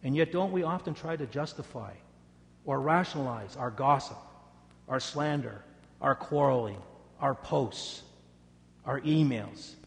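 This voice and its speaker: A man's voice: medium pitch, measured pace, gravelly, pauses often. Preaching man in a reverberant church. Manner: dramatic storytelling, rising loud for quoted taunts, dropping soft for prayer. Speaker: pastor. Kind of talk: sermon.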